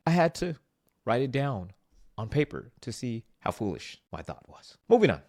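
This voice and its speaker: A man with a mid-range voice presents a scripted motivational vlog of self-help advice at normal speed. He is animated and self-mocking, with playful asides, and the recording is dry and clean, studio-quality.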